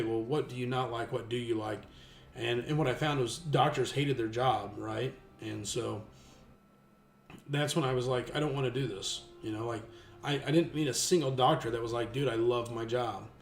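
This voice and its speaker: A man in his thirties tells a long, rambling story in casual chat, at a medium pitch. He restarts often and gets lively whenever he quotes other people. The room is echoey, with faint music in the background.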